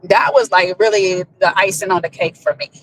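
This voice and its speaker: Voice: medium pitch, fairly even intonation, fairly quick, a bit bright, low-quality recording. Giggly podcast co-host, faint background hiss. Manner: giggly, breaks into laughter. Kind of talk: casual reality-show recap chat.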